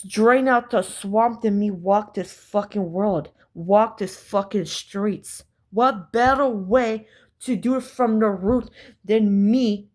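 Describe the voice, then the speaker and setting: A woman telling a story in a casual vlog, profane, emphatic and repetitive. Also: medium pitch.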